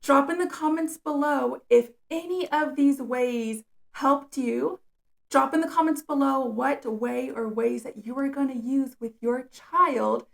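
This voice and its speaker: Gravelly-voiced woman teaching reading tips. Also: high-pitched, unhurried. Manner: patient, explains step by step with examples. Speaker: special education teacher. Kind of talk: instructional video tutorial.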